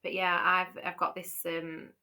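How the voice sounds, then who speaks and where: A woman's voice: fairly low pitch, monotone, a little slow, bright, forceful tone. A woman with a light Yorkshire accent, co-hosting a podcast and chatting casually, rambling with plenty of fillers and restarts. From Yorkshire, England. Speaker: podcast co-host. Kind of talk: casual chat.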